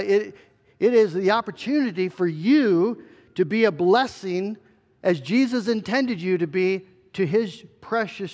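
High-voiced male pastor preaching in a hall. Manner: earnest preaching with fillers and restarts. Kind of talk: sermon.

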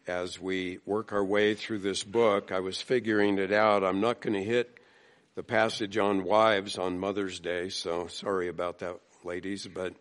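Slow, low-voiced man preaching a sermon. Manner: slow, conversational preaching with mimicked voices in anecdotes. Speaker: pastor. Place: church sanctuary.

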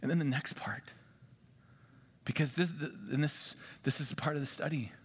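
A man preaching a sermon, animated, swinging between loud excitement and quiet intensity. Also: fairly high pitch, normal speed, husky. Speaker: pastor.

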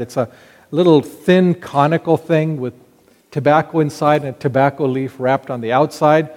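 A middle-aged man preaching a sermon, reading scripture slowly and telling a childhood story in an earnest way. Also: on the high side, darkish tone, big-room sound. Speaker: pastor.

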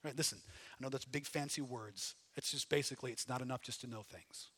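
A man preaching a sermon, animated, dropping low and then shouting as he acts out inner voices. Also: fairly quick, breathy edge. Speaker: pastor.

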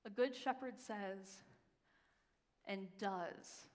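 A woman pastor giving a sermon, telling a story with emphasis and slowing down for the scripture readings. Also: medium pitch. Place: church sanctuary. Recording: long reverb of a large hall.

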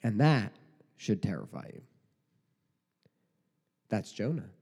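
A man's voice: lowish voice, sing-song, takes it slowly, a little mellow, husky. A man preaching a sermon in a conversational way, full of rhetorical questions and mock quotes. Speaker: pastor. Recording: long hall reverb.

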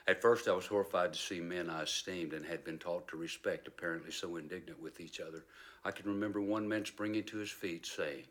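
A man reads as a narrator looking back on his childhood in a very deep voice. He tells the story in a measured, reflective way, as if at a dramatic reading. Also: fairly even intonation, a bit bright.

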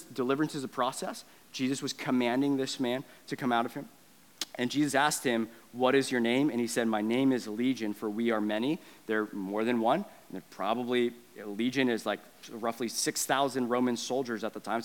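A man preaching a sermon in a casual, animated way, with conversational asides and acted-out quotes. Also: big-room sound. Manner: acts out quotes and switches between loud punches and low, quiet stretches. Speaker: pastor.

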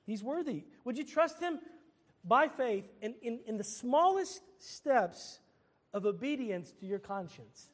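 A man's voice: extremely high pitch, sing-song, unhurried, long reverb tail. A man preaching a sermon as pastor, earnest, often repeating and restarting his phrases.

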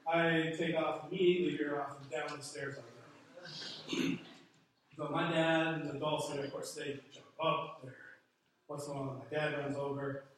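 A man's voice: a little high, steady tone, normal speed, a bit bright, slight background noise. A man preaching a sermon in a conversational storytelling manner, chuckling now and then. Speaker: pastor. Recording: echoey room from a distant mic.

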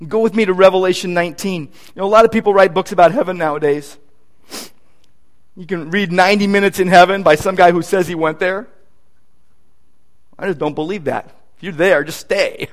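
A man preaching a sermon as pastor, emphatic and animated, often repeating words as he builds a point. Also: high voice, brisk.

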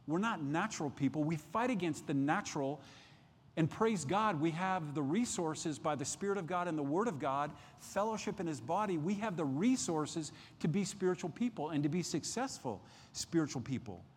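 A man preaching a midweek sermon as pastor, emphatic, rising in pitch and force at key points and often restarting phrases. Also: animated, moderate pace, big-room sound, a little hiss or hum. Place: church sanctuary.

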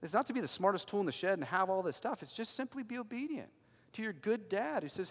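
A man preaching a sermon as a pastor, emphatic and swinging from loud declarations to hushed lines. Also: high voice, lively intonation, fast talker, big-room sound.

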